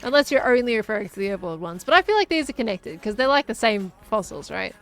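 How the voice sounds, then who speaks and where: A woman's voice: medium pitch, expressive, fast talker, over music. A woman chatting casually and giggling as she thinks aloud while playing a game. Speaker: gaming streamer.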